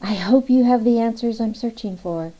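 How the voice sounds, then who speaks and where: A woman's voice: on the high side, moderate pace, dark tone, pitched above the performer's own voice, lightly acted, rough recording. A woman voicing a weary, puzzled male FBI agent in an audiobook. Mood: musing.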